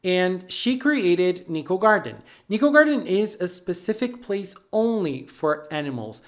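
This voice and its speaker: A channel host giving a casual, chatty recap of an anime episode, playful and lively, with sassy asides. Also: medium pitch, unhurried.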